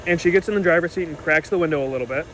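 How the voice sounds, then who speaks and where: A young man tears through an indignant storytime monologue at a rapid clip, his voice sitting a little high. He acts out the quoted lines as he goes. Behind him is a faint hum of outdoor traffic. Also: low-quality recording. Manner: animated, indignant retelling with quoted dialogue.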